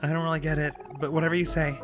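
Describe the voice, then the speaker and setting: A man's voice: on the high side, flat delivery, racing, a bit bright, faint music behind, natural voice. A man voicing a sweet, lovestruck teenage boy in a video game, earnest and bashful.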